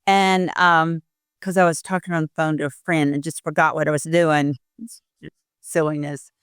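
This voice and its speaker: An older woman tells animated stories as a podcast guest, jumping into the voices of the people in them. Her voice is smooth and clear. The sound is dry and close to the mic. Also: low voice, moderate pace, no echo. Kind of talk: casual interview chat.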